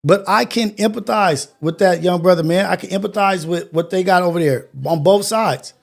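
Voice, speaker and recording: High-voiced man preaching on a morning show. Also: moderate pace, gravelly. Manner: earnest, preachy, repetitive phrasing. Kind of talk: motivational monologue.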